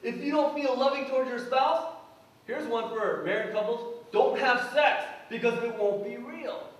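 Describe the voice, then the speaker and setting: A man's voice: extremely high pitch, moderate pace, recorded from a distance. A man preaching a sermon as pastor, earnest and acting out prayers and quotes. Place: church sanctuary. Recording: echoey church hall, from afar.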